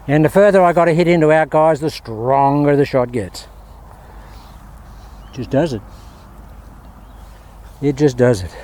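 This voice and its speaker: A man's voice: fairly high pitch, unhurried, long pauses, darkish tone. An Australian man giving a casual, upbeat golf lesson outdoors at a windy range, chatting to viewers as he hits shots. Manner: chatty, upbeat, keeps calling viewers "guys". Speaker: golf instructor. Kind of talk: casual on-course golf instruction.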